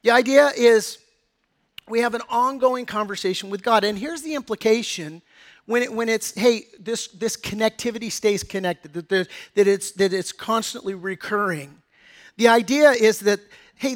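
A man's voice: high-pitched, moderate pace. A middle-aged pastor preaching a sermon in a conversational, story-telling way, acting out quotes from his family.

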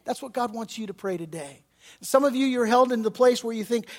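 A male pastor preaching a sermon with passion, acting out prayers and quotes, then dropping to soft, quiet tones. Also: very high-pitched, brisk. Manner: impassioned, acts out prayers and Bible figures in quotes; drops to soft, quiet tones when closing.

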